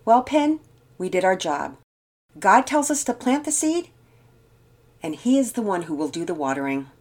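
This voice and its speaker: A woman's voice: medium pitch, sing-song, normal speed, a little mellow. An older woman voicing a kindly father who speaks reassuringly.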